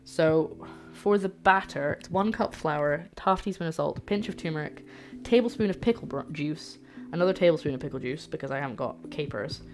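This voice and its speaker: A young woman from the UK chatting casually on a cooking livestream, reading out recipe steps and reacting to her chat with excited disbelief, talking into a streaming mic in her home kitchen. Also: low voice, moderate pace. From United Kingdom. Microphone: streaming microphone. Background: guitar music.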